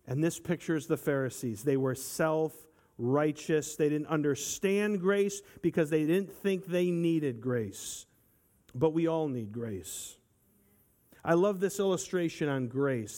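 A man's voice: a little high, darkish tone. A man preaching a sermon as a pastor, reading scripture aloud and explaining it with rising emphasis on key phrases.

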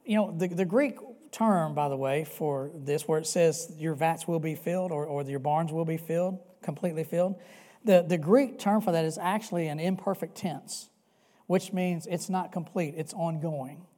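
Mellow-voiced male pastor preaching. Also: a little high, moderate pace. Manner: swings between loud emphatic peaks and soft hushed stretches; earnest, repeats key phrases for emphasis. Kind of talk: sermon.

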